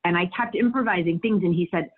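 A middle-aged actress chats as an interview guest. She is candid, animated and quick to laugh, with a low, husky voice. Her voice comes through thin and tinny, as over a phone. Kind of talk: casual interview storytelling.

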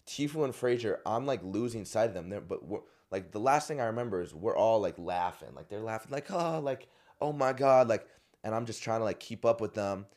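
A man with a very low voice tells a long story in a relaxed, slangy way. He laughs now and then as he talks. He grew up in Arizona. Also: brisk. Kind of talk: casual storytelling chat.

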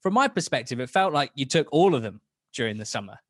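Very animated and quick, this young man's mid-range voice comes through a dry, studio-quality recording. As a football podcast guest he chats casually and enthusiastically, rambling and restarting sentences often.

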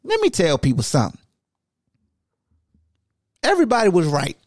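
A man hosting a sports podcast, talking casually in an animated monologue that swings from loud calls to low asides. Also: normal speed, dry recording, clean studio sound. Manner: casual, conversational phrasing. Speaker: podcast host.

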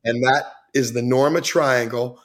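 A man's voice: medium pitch, fairly even intonation, unhurried. Rowdy storytelling man in his forties. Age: 40s. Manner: rowdy, swearing, acts out voices in his stories. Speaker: podcast guest. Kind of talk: casual storytelling chat.

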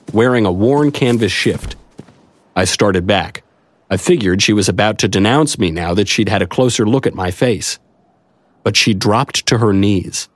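Wry low-voiced male storyteller. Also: no echo. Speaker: narrator. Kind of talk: first-person audiobook narration.

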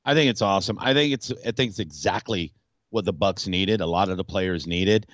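A male radio host in casual sports talk, animated and rambling, with frequent restarts. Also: low voice, brisk, no echo, lo-fi sound.

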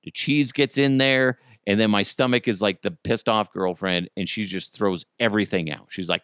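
A man's voice: on the low side, steady tone, normal speed, few pauses, fairly bright tone, smooth, no room sound, clean studio sound. A man hosting a comedy podcast, talking in a crude, joking, rambling way. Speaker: podcast host.

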